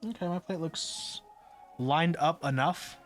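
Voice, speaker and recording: A man's voice: on the high side, unhurried, faint music behind. A man streaming live, chatting casually and muttering puzzled asides to himself as he works. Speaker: streamer building a keyboard.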